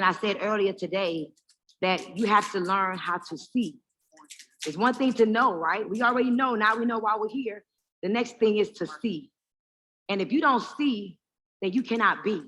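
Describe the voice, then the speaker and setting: A woman hosting a live motivational event, speaking in an animated, preacher-like way and calling out to the crowd for response. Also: medium pitch, normal speed, a little hiss or hum. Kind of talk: lively stage talk with call and response. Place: live event in front of an audience.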